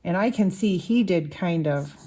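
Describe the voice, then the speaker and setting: A woman's voice: fairly low pitch, normal speed, mellow, husky. A woman teaching young children to draw, patiently explaining each step as she draws. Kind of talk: slow drawing lesson for children.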